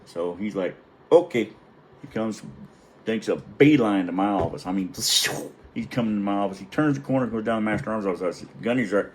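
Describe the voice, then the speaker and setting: A middle-aged retired Navy chief tells a wry, profane anecdote in a casual, rambling way. His voice is lowish and fairly quick. The recording is poor, with a bit of hiss or hum.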